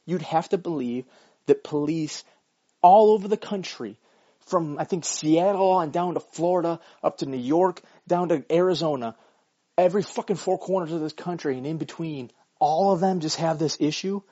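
Guy ranting and swearing while walking his dog, husky voice, bit higher pitched, muffled lo-fi audio. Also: normal speed, mellow. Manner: profane, blunt and argumentative. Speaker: vlogger. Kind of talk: casual ranting monologue. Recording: dull lo-fi recording.

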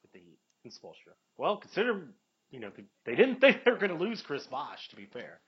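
A man with a fairly high, very lively voice rambles through casual sports talk, joking and correcting himself as he goes. The audio is dull and lo-fi, like a home podcast. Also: a little fast. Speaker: podcast co-host.

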